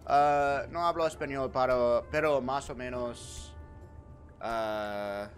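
A young man live-streaming in casual chat, animated and profane as he jokes back at his viewers. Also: medium pitch, slow, faint music behind. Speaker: livestreamer.

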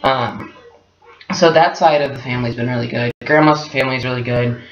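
A man in his twenties, telling a personal story in a candid, reflective, soft-spoken way. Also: mid-range voice, fairly even intonation, brisk. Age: 20s. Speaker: guest partner. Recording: echoey room, dull lo-fi sound.

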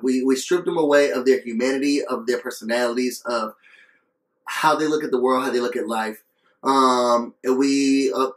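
Earnest man reviewing in an echoey room. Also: mid-range voice. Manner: earnest, coughing between phrases; passionate, repeats phrases. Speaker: video reviewer. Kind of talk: casual vlog review.

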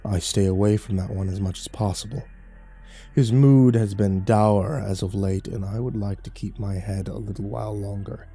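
A man's voice: fairly low pitch, fairly even intonation, moderate pace, gravelly, dark tone, husky, soft background music. A man voicing a sneering fallen angel. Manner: commanding, cold and sneering. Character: sinister black-winged male fallen angel, mocking.

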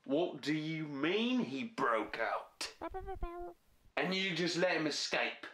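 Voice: mid-range voice, animated, slow pace, roomy sound, background noise. A performer playing a menacing boss who makes blustery threats over the phone. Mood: threatening.

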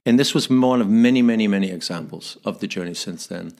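A man in his fifties with a Northern Irish accent, a podcast guest telling stories with animated delivery, often repeating words as he searches. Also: on the low side, fast talker. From Northern Ireland. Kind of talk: storytelling interview.

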